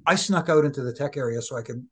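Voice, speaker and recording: A man from Toronto, co-hosting a podcast and telling relaxed anecdotes with easy laughter. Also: medium pitch, quick pace, slightly rough. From Toronto, Canada. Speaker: retired referee, podcast co-host. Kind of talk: casual chat.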